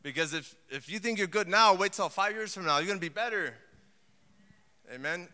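A man preaching a sermon in a lively, conversational way, full of asides and acted quotes. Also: high-pitched, fairly quick. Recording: long hall reverb.

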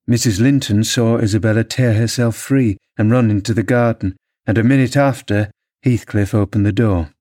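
This is a lowish male voice narrating a classic novel as an audiobook, measured and expressive like a storyteller. The recording is dry and of studio quality.

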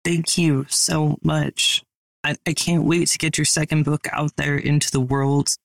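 Sex: man. Role: interviewer. Style: supportive interview questions. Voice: gravelly, flat intonation. Sound: dry. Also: on the high side, dry recording. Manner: measured, carefully worded questions.

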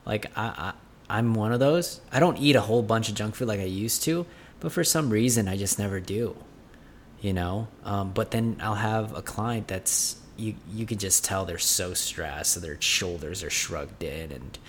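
A man's voice: lowish voice, normal speed, slight background noise. A man hosting a casual interview as a fitness coach, chatty and eager, often agreeing. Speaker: podcast host, fitness coach.

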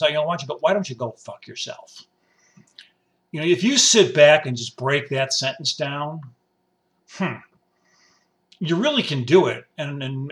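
A man delivering a rambling, wisecracking comedic monologue, swinging from loud points to muttered asides. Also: fairly high pitch. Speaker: commentator.

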